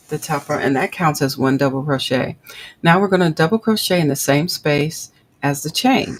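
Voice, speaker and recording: A woman with a gravelly voice hosts a live crochet lesson, counting her stitches aloud at an unhurried pace. She chats with her viewers as she works, and a faint room hum sits behind her. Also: low-pitched, rough recording. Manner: chatty, reads and answers live chat. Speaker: crochet livestream host.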